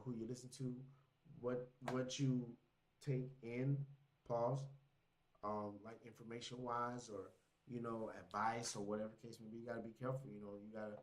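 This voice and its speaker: A man's voice: medium pitch, a little mellow. A man livestreaming casual reaction commentary, loose and slangy, laughing often. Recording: roomy echo.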